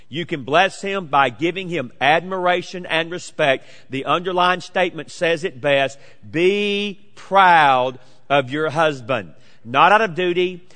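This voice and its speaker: A man in his late forties delivers a sermon in a bright, ringing voice pitched a little high for a man. He swings from loud, emphatic declarations to hushed, close asides. A long reverb from the church hall trails each phrase. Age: 40s. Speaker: pastor.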